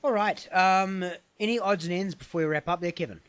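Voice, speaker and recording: A man co-hosting a casual comedy podcast, rambling and self-deprecating, often trailing off into quiet mumbles. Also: high-pitched, fairly quick, no room sound. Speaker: podcast co-host.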